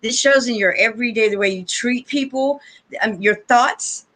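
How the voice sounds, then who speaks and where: An effusive woman hosts a casual spiritual chat with a bright, forceful voice pitched a little high. She talks openly and emotionally, often turning to her viewers as "you guys.". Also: normal speed. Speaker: host of a live panel stream.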